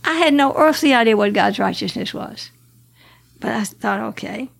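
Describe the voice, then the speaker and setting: Her voice is fairly high, creaky and expressive, moving at a moderate pace, as this Alabama guest in her 80s offers her testimony. She earnestly narrates her life, laughing and restarting now and then.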